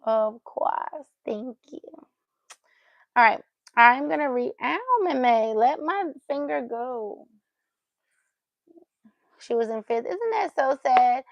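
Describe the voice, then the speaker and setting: Casual woman livestreamer, slow and gravelly, playful chatter on a dull lo-fi mic. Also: high voice, expressive, no room sound. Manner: playful baby talk with her pet, chatting to viewers. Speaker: livestream host.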